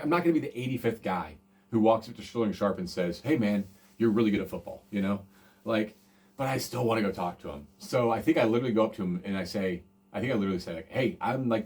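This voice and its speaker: Fast-talking, rambling man in his forties. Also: fairly low pitch, a little mellow. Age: 40s. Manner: rambling, self-deprecating, many fillers and restarts. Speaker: podcast host. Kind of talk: casual storytelling chat.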